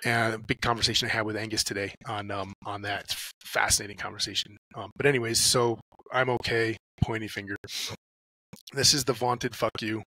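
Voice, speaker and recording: A man's voice: fairly low pitch, fairly even intonation, fairly quick, pushed and bright, dry recording, low-quality recording. A man, a podcast guest talking casually and acting out his inner dialogues as he tells stories, swearing freely. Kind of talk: casual conversational talk.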